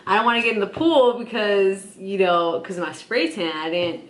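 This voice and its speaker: A woman's voice: medium pitch, normal speed, slight background noise. Sister co-host, young woman under the weather, rambling storyteller, roomy echo. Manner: chatty storyteller, lots of "like" and "okay?". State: sick. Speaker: vlog co-host. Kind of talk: casual chat.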